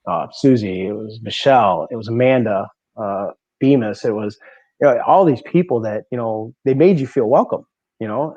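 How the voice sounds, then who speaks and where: The speaker, a guest bowler on a podcast, has a mid-range, slightly mellow voice and tells casual, animated stories full of laughter and repeated words. There's no room sound, and the lo-fi audio comes across dry and slightly dull.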